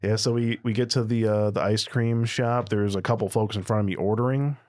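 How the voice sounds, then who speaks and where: A man who works as a predator catcher tells stories as a podcast guest in casual chat, acting out the quotes as he recounts them. His high voice is one that others describe as cartoonish, slightly mellow with fairly even intonation, and he talks a little fast. The sound is clean studio audio with no echo.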